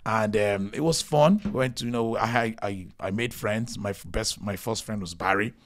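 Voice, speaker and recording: A man in his thirties from Nigeria, a podcast guest telling lively stories laughter and acted-out voices. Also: lowish voice, normal speed. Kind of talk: casual storytelling interview.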